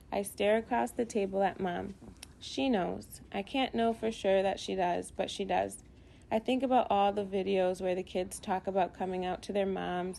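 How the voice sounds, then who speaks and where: Female audiobook narrator, reflective and even; mellow tone, gravelly fry, faint hiss. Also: mid-range voice. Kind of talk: first-person scripted narration.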